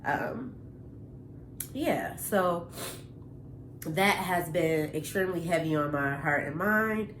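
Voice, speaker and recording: A woman's voice: on the low side, lively intonation, takes it slowly, pauses often, fairly bright tone, a little hiss or hum. Earnest young woman vlogging in an echoey room. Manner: earnest, heartfelt, many fillers. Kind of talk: personal reflective vlog.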